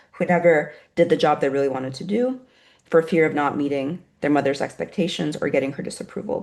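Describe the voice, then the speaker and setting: A woman guides a meditation in a soft, unhurried voice, then turns to teaching an online group. Her voice sits fairly low and has a gravelly edge. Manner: soft, slow and soothing while guiding, then brisker reading out chat replies. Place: online video session.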